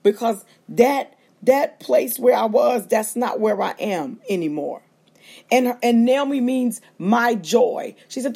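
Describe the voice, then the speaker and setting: A woman preaching with fervor, calling out to her listeners and slipping into quick acted-out asides. Her voice sits a bit high and has a husky edge. She speaks, carried over a livestream feed. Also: expressive, warm tone. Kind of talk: sermon.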